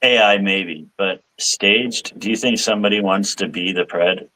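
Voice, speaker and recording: A man's voice: on the low side, measured pace, sharp tone, poor audio. A man, co-hosting a podcast in rambling casual chat. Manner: rambling, laughs often. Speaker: podcast co-host.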